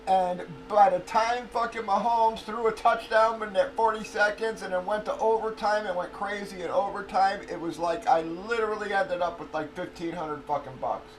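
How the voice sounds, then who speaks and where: Profane, rambling livestream host, higher voice. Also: male voice, normal speed, hardly any pauses, recorded from a distance, low-quality recording. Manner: profane, rambling, laughs often. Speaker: livestream host of card breaks. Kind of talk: casual livestream chat. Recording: voice a bit off-mic with faint noise.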